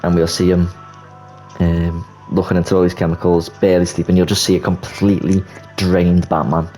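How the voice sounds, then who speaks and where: A young man casually pitching a movie plot, telling it as an animated story with swearing and quick restarts. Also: low-quality recording. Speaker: YouTuber. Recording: faint music bed.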